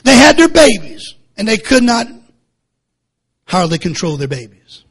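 A male preacher, delivering a fiery sermon that swings from low muttering to shouting, with many repeated words. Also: big pitch swings, a little slow, husky.

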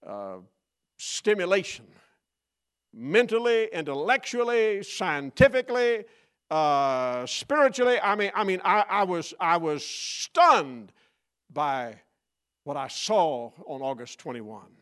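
A man delivers a dramatic sermon from a church pulpit. His fairly high voice leaps around with lively swings, sinking to near whispers before rising to loud, mocking cries. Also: slow, clear, resonant tone. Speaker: guest preacher. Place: church sanctuary.

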